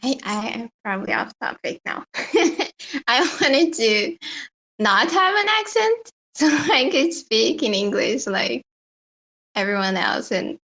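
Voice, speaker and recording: Slow, high-voiced woman from Brazil. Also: very animated, gravelly, a bit bright. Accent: Brazilian Portuguese. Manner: hesitant, giggly. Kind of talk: casual group chat.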